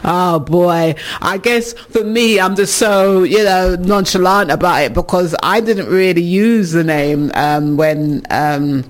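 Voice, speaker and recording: A man's voice: high voice, slow, hardly any pauses. A man hosting a radio talk show, chatting casually, musing aloud and laughing often as he reads out listener comments. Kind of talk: casual chat.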